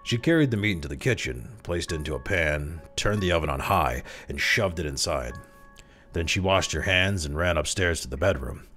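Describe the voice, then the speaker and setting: Very deep-voiced male storyteller. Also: soft background music. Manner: expressive, slows down for tense moments. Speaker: story reader. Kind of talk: dramatic story narration.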